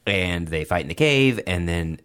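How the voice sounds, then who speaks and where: A man's voice: low voice, expressive, moderate pace, fairly bright tone, clean tone. A man in a casual movie discussion, talking with earnest, emphatic enthusiasm about scenes he loves.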